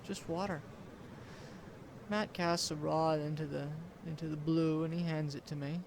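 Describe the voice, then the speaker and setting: A young man narrates a first-person tale in a deliberate, dramatic storytelling delivery. His voice sits a bit high for a man, with a gravelly edge and faint noise behind it. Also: fairly even intonation. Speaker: student storyteller.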